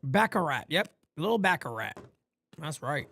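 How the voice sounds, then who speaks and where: A man calling a baseball game live for fans from his home studio, shouting on big plays and muttering low asides between pitches. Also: big pitch swings, normal speed. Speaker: play-by-play streamer. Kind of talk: live fan play-by-play commentary.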